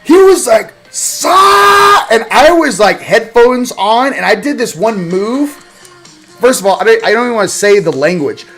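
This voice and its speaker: Man host, casual livestream, high-ish voice, rambling and jokey, loud-then-quiet delivery, faint music under it. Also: animated, normal speed.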